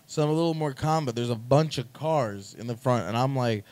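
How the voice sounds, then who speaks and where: A man hosting a podcast, telling a long story in a profane, animated way and mimicking the people in it. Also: mid-range voice, fairly quick, no echo. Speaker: podcast host. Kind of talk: casual storytelling.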